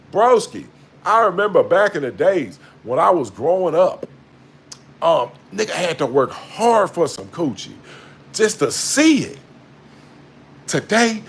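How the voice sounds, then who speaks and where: A man giving a blunt, profane, preachy spiritual monologue to a low-held phone camera. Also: slightly rough. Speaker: vlogger.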